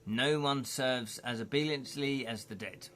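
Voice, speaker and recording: Man reading as a clipped, bitter ghost housekeeper, bright voice, storybook. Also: medium pitch, unhurried, slight background noise, natural voice. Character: stern female ghost housekeeper, bitter and sly.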